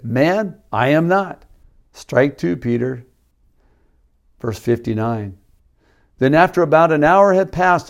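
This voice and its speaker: A man's voice: mid-range voice, a little mellow. A man preaching a sermon, reading scripture aloud and explaining it with casual asides. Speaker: pastor.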